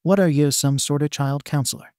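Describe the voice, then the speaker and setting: A man's voice: on the high side, fairly even intonation, brisk, a little mellow, no room sound, clean studio sound, natural voice. A man voicing a scornful, impatient young male villain in a story reading, sarcastic and dismissive.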